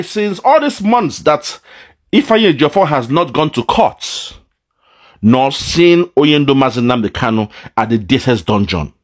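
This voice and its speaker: A man giving an impassioned commentary, swinging between loud outbursts and low, mournful asides. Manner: dramatic, swings between shouting and low lament. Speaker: political commentator. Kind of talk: impassioned monologue.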